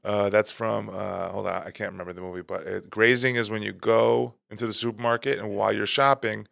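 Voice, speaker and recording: A man hosting a podcast, telling stories in casual chat, animated and profane, acting out the people he quotes. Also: on the low side, fairly quick, vocal fry, dry recording. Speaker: podcast host.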